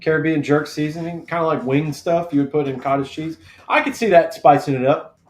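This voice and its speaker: A man's voice: a little high, a little fast. A man hosting a casual live draft show, joking and rambling, reading things out as he looks them up. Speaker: host.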